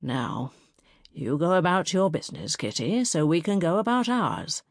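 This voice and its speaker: A frail old schoolmistress with a quavering voice and a sharp tongue, as a woman reader puts her on. She speaks low and stern, recorded close and dry for an audiobook. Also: sing-song, moderate pace, dry recording.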